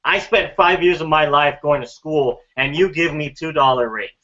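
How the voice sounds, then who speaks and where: A man's voice: a little high, normal speed, bright, forceful tone. Earnest man giving a motivational talk. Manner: earnest, repetitive, rhetorical questions. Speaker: mastermind group member. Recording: dull lo-fi sound.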